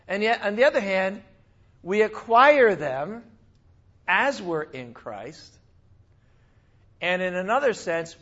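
A man with a high voice preaching a sermon, chatty and animated, often breaking off into asides. The recording is slightly dull and lo-fi, which softens the crisp edges of his speech. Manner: conversational, animated with asides and laughs. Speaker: pastor.

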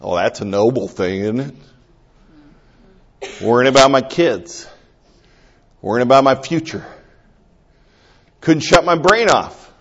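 A middle-aged man preaching a sermon as pastor, swinging between hushed, slow prayer and loud, high, excited exhortation. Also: dull audio.

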